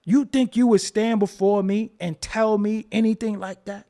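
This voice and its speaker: Answering his chat in a heated livestream rant, a middle-aged man from Brooklyn, New York, speaks at a moderate pace in a high-pitched, steady voice with a dark tone. He swears, mocks and confronts, laughing between jabs.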